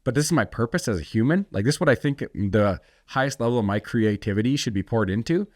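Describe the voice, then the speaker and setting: A man's voice: mid-range voice, lively intonation, fast talker, no room sound, clean studio sound. A man telling his story as a podcast guest, blunt and intense, swearing freely and often restarting his sentences. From United States. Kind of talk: candid storytelling in a conversation.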